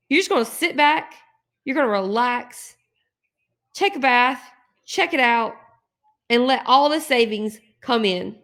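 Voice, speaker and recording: A woman's voice: fairly high pitch, a bit bright. A woman hosting a couponing channel, giving an upbeat, encouraging intro to the camera.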